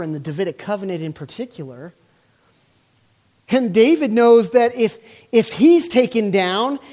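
A man's voice: sits high, a little mellow. Earnest male preacher teaching scripture. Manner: earnest, reads scripture aloud, some restarts. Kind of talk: sermon.

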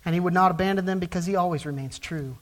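A man preaching a sermon as pastor, swinging between quiet, low passages and loud, emphatic climaxes. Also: fast.

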